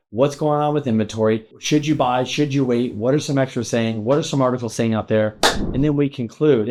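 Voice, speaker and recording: A man's voice: mid-range voice, a little mellow. A middle-aged man delivers fired-up commentary on housing and rates, talking straight to his viewers. He rants with emphasis and throws in casual swearing. His voice sits in an ordinary middle range. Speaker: real estate loan officer and show host. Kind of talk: energetic market commentary to camera.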